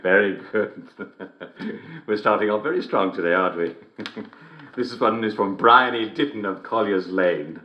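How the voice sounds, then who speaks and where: A man's voice: on the low side, normal speed, long pauses, reverberant, muffled recording, natural voice. An actor playing a creepily upbeat male radio comedy host, who chuckles constantly between lines in an in-game radio broadcast. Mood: chuckling.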